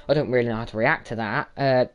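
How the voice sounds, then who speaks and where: A man commentating his gameplay with loud, excitable reactions and swearing. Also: medium pitch. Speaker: gaming YouTuber. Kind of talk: let's-play commentary.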